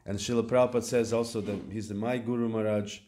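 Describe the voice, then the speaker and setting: A man with a fairly low voice delivers a devotional talk at a temple. He speaks haltingly, often pausing on fillers and restarting phrases as he works through his points. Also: level tone, a little mellow. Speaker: lecturer at a temple. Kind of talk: devotional lecture. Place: temple hall.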